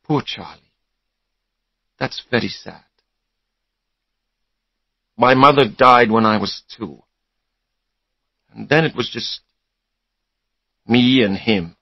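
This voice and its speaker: A man reading a storybook, voicing a confident but bitter young businessman who talks quietly and curtly. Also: medium pitch, slow pace, vocal fry, pauses often, no room sound, dull audio. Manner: quiet, curt.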